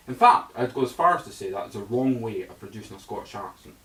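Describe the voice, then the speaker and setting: A man's voice: mid-range voice, big pitch swings, fairly quick, few pauses, a bit bright. A man working as a voice actor, chatting casually through a demo of voice impressions and switching between put-on voices. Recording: roomy echo, mic at a distance.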